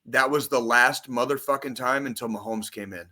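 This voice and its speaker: A man co-hosting a casual podcast, ranting about football in a profane, excitable, rambling way. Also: medium pitch, moderate pace. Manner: profane, excitable, rambling sports-fan rant. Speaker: podcast co-host. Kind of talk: casual chat.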